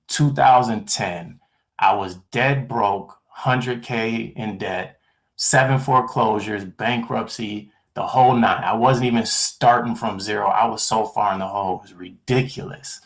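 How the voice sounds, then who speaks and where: A man's voice: fairly low pitch, a little slow. A middle-aged man giving a motivational talk. He repeats key lines for effect and acts out quoted dialogue in a livelier voice. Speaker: motivational speaker.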